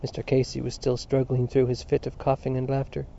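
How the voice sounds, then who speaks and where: Man reading an old novel, flat and mellow, kinda muffled lo-fi audio. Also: mid-range voice, gravelly. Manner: measured, even storytelling. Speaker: narrator. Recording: dull lo-fi audiobook recording with faint hiss.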